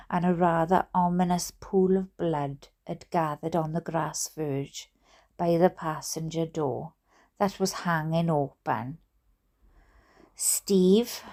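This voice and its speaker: A Welsh woman reading a book aloud in an expressive, playful way. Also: fairly low pitch. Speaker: storyteller.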